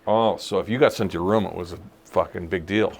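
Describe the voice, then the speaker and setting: A man in his forties or fifties with a deep, gravelly, slightly rough voice co-hosts a podcast, talking fast in casual chat. He's an animated storyteller who laughs often and acts out the people he quotes.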